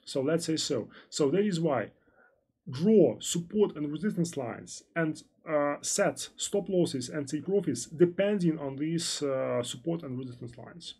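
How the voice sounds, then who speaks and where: A man with a Russian accent, a native Russian speaker, giving a live-stream trading lesson, reading out and answering chat questions in a halting, repetitive way with many fillers. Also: on the high side, expressive, creaky, darkish tone, breathy edge. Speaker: trading instructor.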